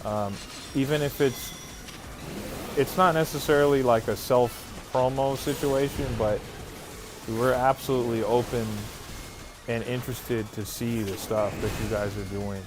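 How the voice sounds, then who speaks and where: A man's voice: medium pitch, fairly even intonation, measured pace, music in the background. A man hosting a livestream who reads viewer chat aloud and answers in a loose, casual way, with plenty of fillers and restarts. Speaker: livestream host.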